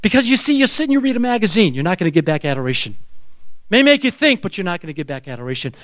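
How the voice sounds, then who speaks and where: A man's voice: sits high, big pitch swings, very fast, a bit bright. A man preaching a sermon, telling stories with animation and leading the congregation in call-and-response.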